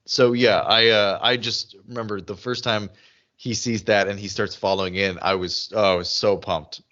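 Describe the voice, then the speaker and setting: A man's voice: lowish voice, moderate pace. Chatty man recapping, lo-fi sound. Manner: animated, lots of restarts and "like". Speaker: podcast co-host. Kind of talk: casual chat recapping a TV episode.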